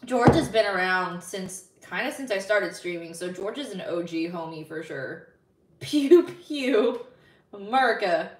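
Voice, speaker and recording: A woman's voice: on the low side, normal speed, recorded from a distance, slight background noise. A woman live streamer in casual chat, bubbly and giggly as she reads viewer messages aloud. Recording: roomy sound, slightly off-mic.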